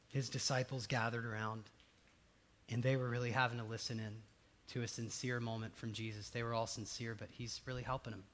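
A male pastor preaching a conversational sermon, swinging between loud emphatic lines and soft hushed ones. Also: medium pitch.

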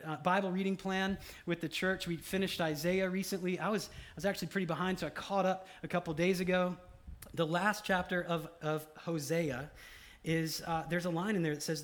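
Pastor, slightly high voice. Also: male voice, a bit bright. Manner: emphatic repetition of key lines. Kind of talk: conversational sermon. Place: church service.

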